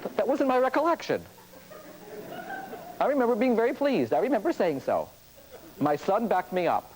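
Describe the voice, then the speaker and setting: Animated male priest telling classroom anecdotes. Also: high voice, moderate pace, noisy background. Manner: animated, acts out the people in his anecdotes. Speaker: priest and speaker on cross-cultural communication. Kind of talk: storytelling lecture.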